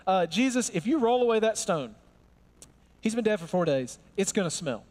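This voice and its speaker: A man's voice: sits high, sing-song, normal speed, a little mellow, big-room sound. Martha, an exasperated grieving woman, as a man puts her on. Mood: joking. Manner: sarcastic, exasperated.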